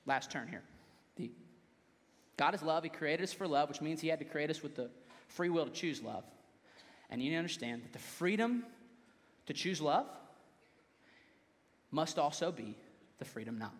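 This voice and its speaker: A young man with a high voice preaches to his congregation in an easy, conversational manner. He breaks off now and then to joke with the listeners. His voice rings out with a long reverb through a church hall. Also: animated, moderate pace, pauses often. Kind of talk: sermon.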